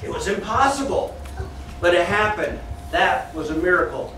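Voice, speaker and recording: A man teaching a Bible lesson to children in a church classroom, telling the story with animation and pausing to correct the kids. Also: high voice, expressive, bright, forceful tone, slight background noise. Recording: very echoey room from far off.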